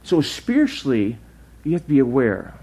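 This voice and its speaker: A middle-aged male pastor preaching a sermon in a relaxed, conversational way, with asides and restarts. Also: mid-range voice, moderate pace, husky.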